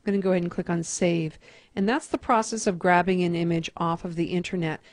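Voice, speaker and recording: A woman teacher calmly talking through a computer task step by step in a screen-recorded tutorial. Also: fairly low pitch, quick pace, no room sound. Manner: methodical, step-by-step instruction.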